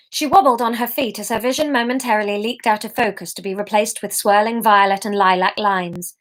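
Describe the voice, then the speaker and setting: A woman's voice: mid-range voice, steady tone, fairly quick, hardly any pauses. A woman reading her own story aloud to an audience, with chatty, self-mocking asides.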